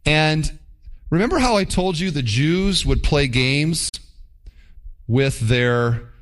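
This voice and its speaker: A man preaching a sermon as pastor, animated and mock-quoting with playful asides. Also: fairly high pitch, takes it slowly.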